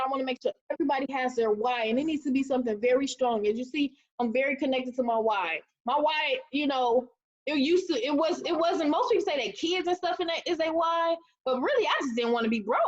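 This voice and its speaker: A high-pitched woman in her thirties gives a motivational talk to her team on a webinar. She is animated and preachy and acts out the quotes in her stories. The audio is dull and lo-fi, as from a computer mic. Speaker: team leader.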